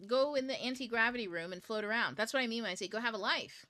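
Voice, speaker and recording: Woman, book club host, bright tense voice, dry close sound, blunt, swears a lot, chatty. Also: on the high side, fast talker, no echo. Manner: blunt, profane, chatty, laughs often. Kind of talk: casual livestream talk.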